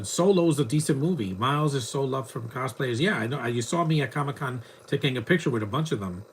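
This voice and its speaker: A man's voice: mid-range voice, fairly bright tone, a little hiss or hum. A man giving casual live commentary on a movie, rambling and mocking what he sees on screen. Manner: rambling, chatty, mocking the film.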